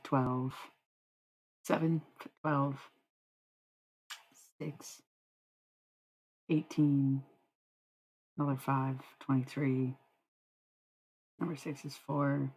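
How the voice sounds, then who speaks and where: A woman's voice: sits low, rough recording. A young woman streaming live, chatting casually with her viewers, laughing often and swearing freely.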